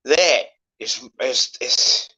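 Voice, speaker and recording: A man in his sixties in casual conversation, emotional and halting, swearing often as he talks. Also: mid-range voice, pushed and bright, slightly rough, rough recording. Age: 60s.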